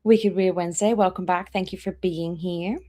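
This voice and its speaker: A woman with a somewhat low voice chats casually on a live stream. She greets viewers by name one after another, drawing out her welcomes and letting her voice trail off quieter at the ends of lines. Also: fairly even intonation, normal speed. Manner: chatty, reads out viewer names one by one. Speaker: live-stream reaction host.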